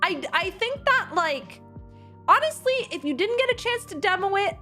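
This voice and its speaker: A young woman streamer casually telling a story to her chat, animated and laughing, full of quick restarts and acted-out quotes. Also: very high-pitched, faint music behind. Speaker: streamer recounting an event.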